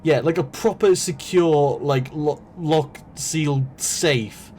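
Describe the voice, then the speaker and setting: A man's voice: on the high side, takes it slowly, darkish tone, a little hiss or hum. A man streaming, telling a long story casually with many fillers, restarts and swearing.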